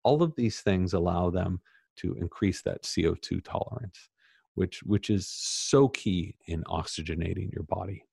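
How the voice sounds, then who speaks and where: Male author guest, low register, dry close sound, emphatic and lively in conversation. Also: moderate pace, vocal fry, breathy edge, no room sound. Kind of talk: casual interview chat.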